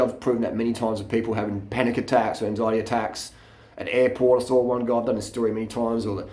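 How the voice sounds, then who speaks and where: A man's voice: medium pitch, reverberant. A man, vlogging into a handheld camera in a blunt, mocking rant full of swearing. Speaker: fitness vlogger. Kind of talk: profane off-the-cuff rant.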